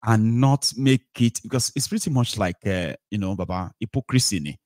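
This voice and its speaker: A man's voice: lowish voice, moderate pace, a little mellow, no room sound, clean studio sound. A man with a Nigerian accent hosting a casual call-in political talk show, mixing in Pidgin and Yoruba phrases.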